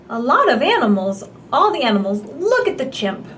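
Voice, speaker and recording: A woman's voice: sits high, sing-song, normal speed, hardly any pauses, fairly bright tone. A woman reading a picture book aloud to small children, with gasps, an exaggerated delivery and coaxing questions to the child. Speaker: storyteller for babies and toddlers.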